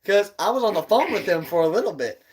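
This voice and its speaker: A man's voice: high-pitched, lively intonation, fast talker. A man in his twenties co-hosting a podcast, telling a rambling, laughing story in casual chat, swearing as he goes. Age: 20s. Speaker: podcast co-host.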